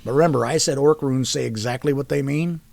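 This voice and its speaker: A patient older brother and soldier, tutoring with steady explanations, as a man reading a story plays him. His voice is gravelly at a middle pitch. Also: fairly quick, lightly acted. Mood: patient, teaching.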